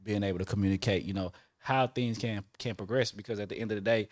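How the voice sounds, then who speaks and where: A man's voice: fairly low pitch, steady tone, fast, no echo, clean studio sound. A man co-hosting a casual podcast chat, laid-back and slangy, laughing often. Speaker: podcast co-host.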